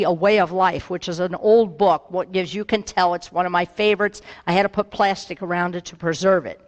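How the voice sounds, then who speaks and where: A woman pastor giving a gentle, reflective sermon and telling a story to her congregation. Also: mid-range voice. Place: church sanctuary. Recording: long reverb in a hall.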